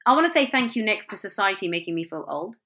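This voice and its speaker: A woman's voice: mid-range voice, quick pace. A woman in her thirties, chatting candidly and with feeling on a podcast. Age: 30s. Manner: candid, animated, swears. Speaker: podcast host. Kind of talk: casual chat.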